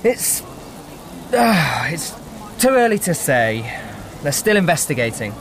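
A man's voice: fairly high pitch, sing-song, takes it slowly, a little hiss or hum, low-quality recording. An actor playing a young farmer at a food stall in a radio drama, short and evasive in his answers. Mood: guarded. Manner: terse, evasive. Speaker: farm food stall seller.

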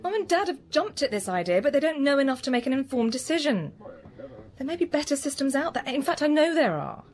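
A woman's voice: sits high, very animated, fairly quick. An actress playing an earnest, insistent woman of thirty in a radio drama, pushing her brother to back her up. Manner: pushy, pleading. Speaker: farmer's daughter, cheese maker.

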